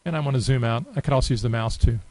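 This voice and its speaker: A man giving a relaxed, unscripted screen-recorded software tutorial, thinking aloud with many fillers. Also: mid-range voice, rapid-fire, no room sound, low-quality recording. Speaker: software demonstrator.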